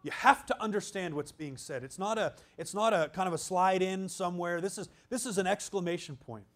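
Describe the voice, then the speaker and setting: A man delivers an emphatic sermon in a high, brisk voice, moving from loud exclamations down to hushed lines that are nearly whispered.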